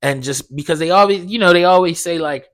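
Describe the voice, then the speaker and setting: A young man hosting a podcast, telling a dream story in a casual, animated way, swearing a lot and acting out the dialogue. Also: on the high side, brisk. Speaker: podcast host.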